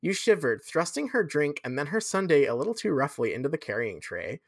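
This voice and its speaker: Brief: podcast host giving a fanfic a dramatic read, very animated delivery, dry close sound. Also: mid-range voice, fairly quick, no room sound. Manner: dramatic reading with swearing asides. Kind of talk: reading fan fiction aloud.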